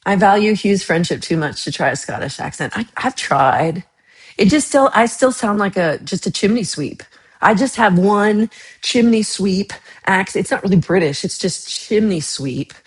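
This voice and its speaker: A Texas woman hosts a casual livestream, chatting and teasing her viewers with playful outrage. Her medium-pitched voice is expressive, at a normal speed.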